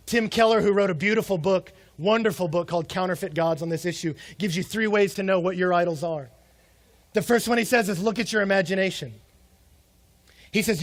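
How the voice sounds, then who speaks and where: A young adult man preaching a sermon in a conversational way, asking rhetorical questions and acting out short quotes. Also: sits high. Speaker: pastor.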